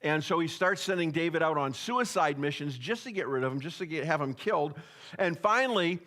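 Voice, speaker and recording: Man, pastor, folksy joking sermon, slightly high voice, church. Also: a little fast, sharp tone. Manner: folksy, joking, talks to the congregation. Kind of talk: sermon with jokes. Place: church sanctuary.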